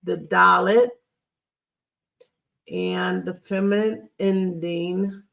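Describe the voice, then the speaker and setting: A teacher giving a recorded Hebrew grammar lesson while writing on screen, talking in a halting, patient way and often checking in with the class. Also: mid-range voice, fairly even intonation, vocal fry, a bit bright.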